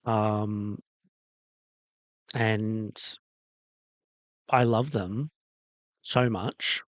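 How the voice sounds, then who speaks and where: A man's voice: fairly low pitch, steady tone, drawn-out words, no room sound. A man hosting a casual livestream about doll restoration, talking in a rambling, hesitant way with many ums and uhs. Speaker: toy restoration livestream host. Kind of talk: casual livestream chat reacting to a video.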